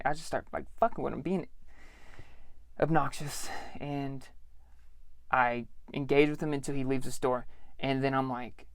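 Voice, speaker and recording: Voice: medium pitch, a little slow, pauses often, dry recording. Profane podcaster telling a story, dry sound. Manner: profane, animated, acts out dialogue. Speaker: podcast host. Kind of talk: casual storytelling.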